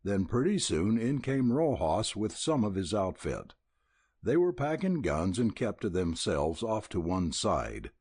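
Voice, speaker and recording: A man's voice: fairly low pitch, big pitch swings, unhurried, darkish tone, breathy edge, dry recording, heavily acted. A man voicing a talkative, boastful young with an in an audiobook. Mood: folksy. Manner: drawling, folksy.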